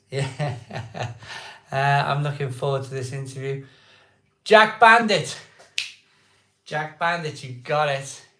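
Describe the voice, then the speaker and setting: An excitable man hosting a casual live stream, chatting with viewers, repeating himself and laughing often. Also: a little high, roomy sound. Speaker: live-stream beer show host. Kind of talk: casual live chat reading viewer comments.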